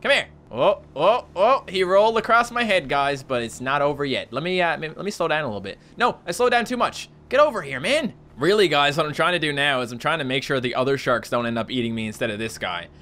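Bright, excitable Australian man gaming. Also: quick pace, few pauses. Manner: animated, jumps to high yelps when panicking. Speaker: gaming YouTuber. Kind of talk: casual let's-play commentary.

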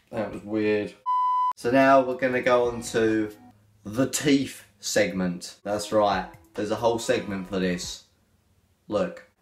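A man's voice: lowish voice, a little hiss or hum. A young man, joking and bantering as he reacts to hate comments in a casual comedy vlog. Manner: cheeky, joking, slangy banter. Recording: echoey room with faint music.

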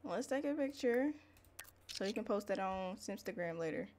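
A woman hosting a Let's Play, chatting excitably to viewers in casual gameplay commentary. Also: medium pitch, moderate pace, slight background noise.

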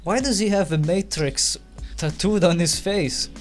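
A man with a voice that sits high speaks a little slowly while playing a game as a let's play commentator. He's sarcastic and swears, mocking the game's text, with faint game music in the background.

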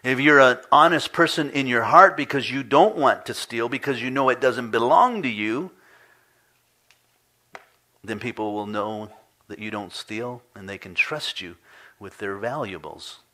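A man preaching a sermon as pastor, swinging between animated storytelling and soft, hushed asides. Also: a little slow. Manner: animated storytelling, voice climbing high and loud when retelling frustration; drops to a soft, near-whispered hush on solemn points.

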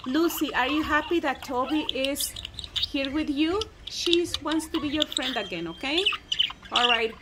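A high-pitched woman coos at her budgies in slow, doting baby talk, taking her time over every word. Her voice sits over loud, constant budgie chirping and squawking in an outdoor aviary. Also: very noisy. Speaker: bird keeper talking to her pet budgies. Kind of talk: casual chat with pets. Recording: loud bird chatter over the voice.

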